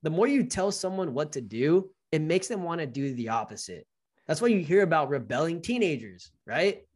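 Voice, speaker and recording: A young man co-hosting a casual chat, telling stories in an animated way and acting out the lines of people he quotes. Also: fairly high pitch, normal speed. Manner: animated storytelling, acts out quoted dialogue. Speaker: podcast co-host.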